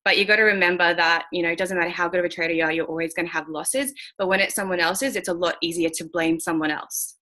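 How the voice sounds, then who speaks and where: A woman talking candidly as a guest speaker, with a fairly low, bright, forceful voice. She is blunt, swears now and then, and fills her talk with likes and ums. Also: quick pace, few pauses. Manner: frank and blunt, swears, many fillers. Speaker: guest speaker mentoring traders. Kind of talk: candid motivational talk on a call.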